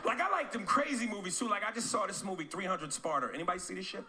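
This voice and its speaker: A male stand-up comedian performing on a club stage with a brash, profane and animated delivery. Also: high-pitched, very fast. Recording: loud noisy live club recording.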